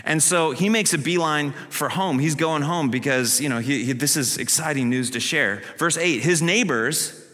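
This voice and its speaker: A man preaching a sermon as a pastor, animated, acting out the story in character voices. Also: fairly high pitch, moderate pace. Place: church sanctuary. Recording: long hall reverb.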